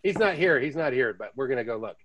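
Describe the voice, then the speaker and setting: An American man hosting a podcast, telling stories in a chatty, casual way with lively asides. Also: medium pitch, fast, a crowd in the background. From United States. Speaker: podcast host. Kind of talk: casual chat.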